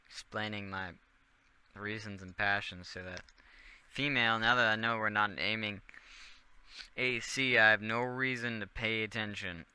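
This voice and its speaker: A man's voice: fairly low pitch, sharp tone, smooth, no echo. A young man rambling and joking as a radio DJ in casual chat, often trailing off into mumbled asides.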